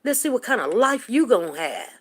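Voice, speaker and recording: A woman's voice: on the high side, sing-song, fairly quick, breathy edge. A woman hosting a casual livestream, talking straight to her viewers in an emphatic, preachy way. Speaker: livestream host.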